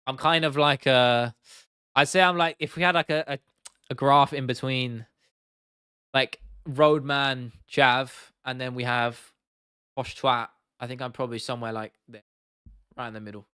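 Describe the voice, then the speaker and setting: A young man with an English accent chats casually on a live stream, swearing freely as he answers his chat. His voice is smooth and clear, with a middling pitch. The sound is dry and close to the mic. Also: fairly even intonation, normal speed, pushed and bright, no echo. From England.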